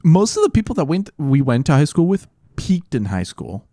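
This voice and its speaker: Young male podcast co-host, animated pitch, mellow tone, rambling delivery, dry room. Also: normal speed, dry recording. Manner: rambling, stammering restarts. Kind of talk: casual chat.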